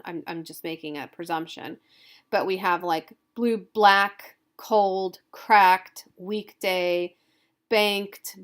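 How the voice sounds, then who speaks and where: A woman college instructor giving a recorded lecture, informal and thinking aloud as she goes. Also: lowish voice.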